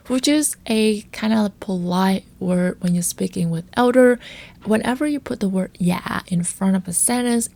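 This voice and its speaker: A woman teaching a language lesson, speaking carefully and repeating example words slowly to model their pronunciation. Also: mid-range voice, gravelly, dark tone.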